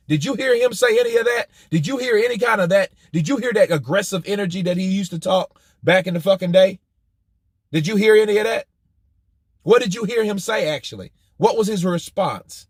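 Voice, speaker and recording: A man hosting a boxing news channel, talking in an animated, profane way and firing off rhetorical questions. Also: high-pitched, moderate pace, slightly rough, dry recording, clean studio sound. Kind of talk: commentary vlog.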